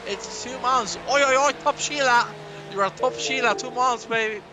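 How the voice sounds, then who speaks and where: A man's voice: extremely high pitch, normal speed, voice pushed up. A man doing a brash Aussie bloke. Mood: boisterous. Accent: put-on Australian. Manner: boisterous, slangy. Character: brash Australian bloke thanking subscribers.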